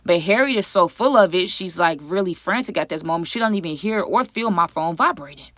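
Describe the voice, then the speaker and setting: A woman's voice: on the low side, a little fast, a bit bright. A young woman telling a dramatic personal story to her viewers in a chatty, casual way. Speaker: YouTube storyteller. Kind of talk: casual story time to camera.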